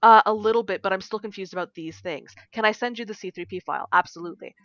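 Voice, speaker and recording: A woman co-hosting a podcast, telling a story in casual chat, animated and swearing freely as she acts out bits of dialogue. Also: medium pitch, quick pace, no echo. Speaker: podcast co-host and game design teacher. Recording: dull lo-fi sound.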